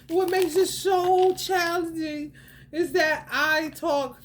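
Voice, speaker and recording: Animated woman with a lively high voice. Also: drawn-out words, a little hiss or hum. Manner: animated, laughs often, slangy, swings from loud to soft. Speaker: spiritual reader. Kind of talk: casual spiritual monologue.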